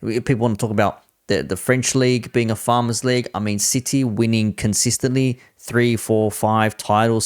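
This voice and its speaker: A man's voice: fairly low pitch, no echo, clean studio sound. A man on a football panel, speaking as a Liverpool fan in a blunt, sweary, ranting debate.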